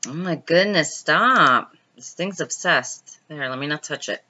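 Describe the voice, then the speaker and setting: A woman's voice: low-pitched, animated, measured pace, pushed and bright, highs cut off. A woman hosting a casual late-night live stream, reading viewer comments aloud, laughing often and telling stories. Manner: chatty storytelling.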